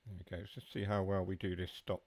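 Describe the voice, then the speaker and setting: Low, dry-sounding male streamer, easygoing live commentary that drifts into replies to the chat. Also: level tone, fast, a little mellow, dry recording. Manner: chatty, answers chat while driving. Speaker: game streamer.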